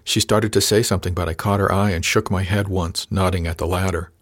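Man, audiobook narrator, lowish voice, very dry close sound, measured reading. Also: fairly even intonation, fairly bright tone, no echo. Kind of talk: first-person novel narration.

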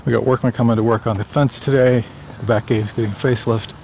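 A man's voice: mid-range voice, steady tone, fast, gravelly, darkish tone, slight background noise. A man talking casually while out walking, chatty and rambling, a bit out of breath. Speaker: author vlogging on a walk. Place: outdoors on a sunny suburban street.

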